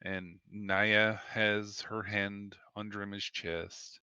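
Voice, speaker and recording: A man narrates as game master in a tabletop game, describing scenes slowly and with measured care. His voice is bright and lowish, recorded dry and close. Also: level tone, smooth, no room sound, dull audio.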